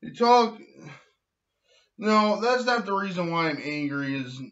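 A man delivering a loud, angry comedic rant, with slow drawn-out shouted outbursts. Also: high-pitched, lively intonation. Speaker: comedic vlogger ranting to camera. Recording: dull lo-fi recording.

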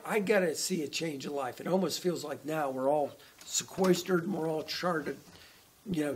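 A man's voice: high voice, creaky, breathy edge. A man preaching a conversational online sermon as a pastor, often restarting his phrases as he talks. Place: church.

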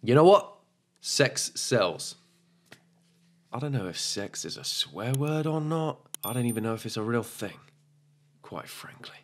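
A man doing comedic reaction commentary, sarcastic and jokey, swinging between loud outbursts and muttered asides. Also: medium pitch, very animated, normal speed.

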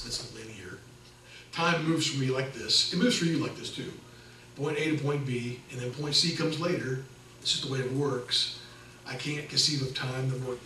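A middle-aged man preaching a sermon as pastor, conversational and animated, acting out the people in his stories. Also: mid-range voice, slight background noise. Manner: conversational, animated storytelling with acted quotes. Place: church sanctuary. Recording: echoey church from a distance.

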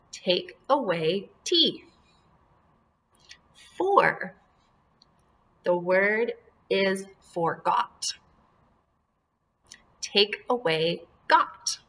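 A woman teaching a second-grade class, drilling words and syllables slowly and clearly and encouraging the children. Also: mid-range voice, sharp tone. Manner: slow, deliberate word drills with clear enunciation. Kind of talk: phonemic awareness lesson for young children.

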